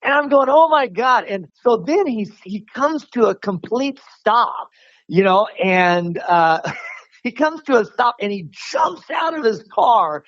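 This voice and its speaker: A man telling a story in a casual, animated way, often laughing and restarting his sentences. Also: high voice, measured pace, no echo, highs cut off. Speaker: martial arts instructor, podcast guest.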